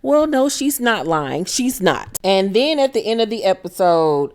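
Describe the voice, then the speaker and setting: A woman's voice: mid-range voice, sing-song, a little slow. A woman hosting a casual recap of a reality TV episode, blunt and profane, with dramatic asides and frequent laughter. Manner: laughs often while retelling scenes.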